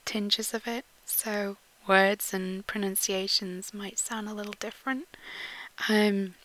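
Slow, giggly woman with a posh English accent. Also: medium pitch, steady tone, poor audio. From Yorkshire, England. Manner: often drops to a soft whisper; giggly, with frequent ums. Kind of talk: casual audio post reading word lists.

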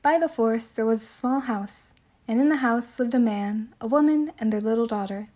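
A woman telling a classic fairy tale as a soothing bedtime story, with gentle, measured narration. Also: on the high side.

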